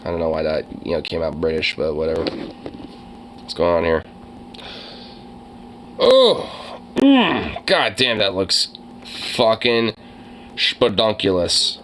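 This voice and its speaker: A young man streaming casually, rambling and swearing, quick to get excited. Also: deep voice, slight background noise, rough recording. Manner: profane, rambling, easily excited. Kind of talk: casual livestream chat.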